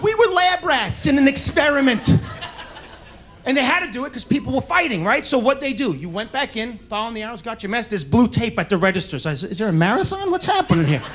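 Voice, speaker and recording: A man doing stand-up storytelling, shouting punchlines and acting out the people in his stories. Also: very high voice, slight background noise. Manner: animated, shouts punchlines, acts out characters. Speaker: stand-up comedian. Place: comedy stage.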